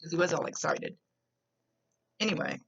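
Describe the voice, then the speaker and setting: Gravelly, chatty woman psychic medium. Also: low-pitched, wildly swooping pitch, normal speed, fairly bright tone. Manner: chatty, rambling, stops and restarts. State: coughing, smoker's cough. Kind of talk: casual spoken reading to a client. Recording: dull lo-fi recording.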